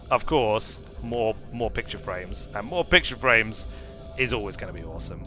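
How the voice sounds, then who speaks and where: A man gives playful let's play commentary, bright and sharp in tone, his voice swinging widely as he banters with in-game creatures. Faint game music sits beneath him. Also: fairly low pitch, lively intonation, measured pace. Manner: whimsical, chats to game creatures. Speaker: gaming streamer.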